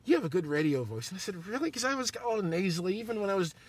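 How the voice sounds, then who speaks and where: A man hosts a podcast in a high, husky, sing-song voice, speaking very fast. His casual chat rambles, he's self-deprecating, and he laughs often.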